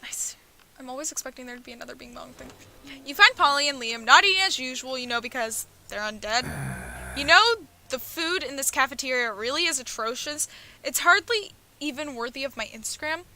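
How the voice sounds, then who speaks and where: A young woman with a high, bright voice reads a dating game aloud on stream, a little fast and animated. She drifts from the game text into joking asides, laughing and swearing, and stays playful and loose the whole time.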